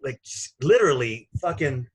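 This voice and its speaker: A man's voice: medium pitch, animated, normal speed, breathy edge, poor audio. A man, a stand-up comedian, telling a story in casual, profane, rambling talk and laughing at his own jokes.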